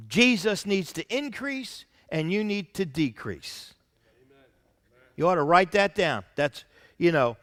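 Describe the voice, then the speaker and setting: In a big-room acoustic, a senior pastor with a high voice preaches a sermon, reading scripture aloud between his own points and dropping into soft asides.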